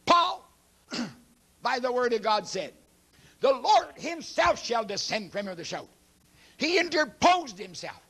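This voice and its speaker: A man preaching a sermon, emphatic and preachy, swinging between loud declarations and hushed asides, and reading scripture aloud quickly. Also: very high-pitched, very animated.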